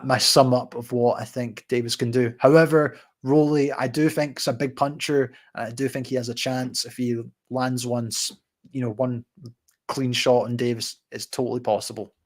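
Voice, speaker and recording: A man hosting a boxing channel, answering viewer comments on a live stream in a relaxed, chatty way with plenty of fillers. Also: mid-range voice.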